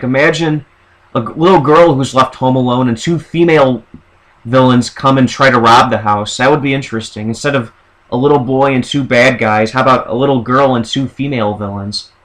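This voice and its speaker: A man's voice: mid-range voice, fairly quick, rough recording. A man vlogging, rambling through a list of show ideas in a casual monologue. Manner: rambling, with fillers and restarts.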